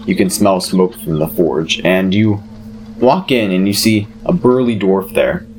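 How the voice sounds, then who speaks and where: Low male game master, loose narration, faint hiss. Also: a little slow. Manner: relaxed, filler-laden narration.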